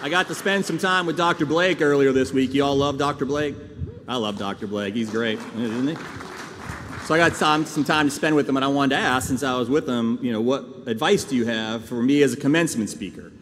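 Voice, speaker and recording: A man's voice: medium pitch, brisk, fairly bright tone. A man giving a commencement speech to graduates, earnest and folksy, with jokes and asides to the crowd. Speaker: commencement speaker. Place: large ceremony hall. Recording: reverberant hall sound with faint background noise.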